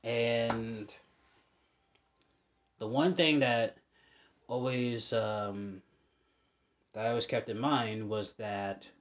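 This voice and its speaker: A man hosting a podcast, talking casually in a halting way with many fillers and restarts. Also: medium pitch, fairly even intonation. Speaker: podcast host. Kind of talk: casual monologue. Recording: dull lo-fi audio.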